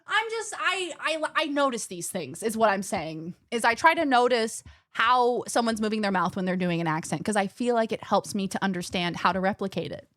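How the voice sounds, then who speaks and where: A woman streamer chatting casually with her viewers, animated and rambling, often restarting her sentences. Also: medium pitch, brisk, few pauses, no room sound, clean studio sound. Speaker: gaming streamer.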